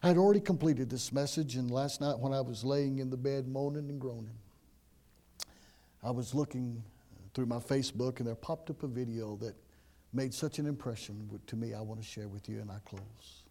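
A middle-aged man from the United States, preaching a sermon that swings from loud emphasis to hushed, almost whispered lines. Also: medium pitch, normal speed. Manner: dramatic swings from loud to hushed, repeats words. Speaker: pastor.

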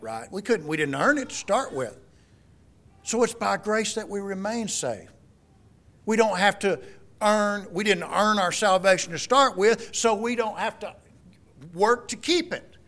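High, bright-voiced preacher man. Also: animated, a little slow. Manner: emphatic, folksy preaching with scripture quotes. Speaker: pastor. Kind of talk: sermon.

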